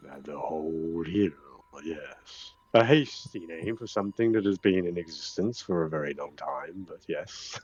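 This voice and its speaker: A man voicing a slow, solemn ancient hill spirit. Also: low voice, darkish tone, slightly rough, dull audio, pitched below the performer's own voice. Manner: measured, solemn, unhurried.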